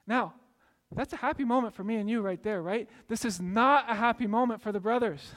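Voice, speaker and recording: A man preaching a sermon, retelling a Bible story with animated storytelling and acting out the voices of its characters. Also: very high voice, normal speed. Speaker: pastor. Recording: long hall reverb.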